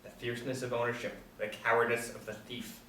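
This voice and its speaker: A man reading the part of a boastful, folksy male drifter who calls himself a soldier of fortune, talking with swagger and sudden loud bursts. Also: medium pitch, monotone, a little fast, natural voice. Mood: folksy boasting. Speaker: table-read actor. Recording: roomy, distant mic, faint background hum.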